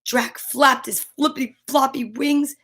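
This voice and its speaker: Expressive woman reading picture books aloud. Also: high-pitched, takes it slowly. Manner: expressive, gasps and whispered sound effects. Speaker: storyteller.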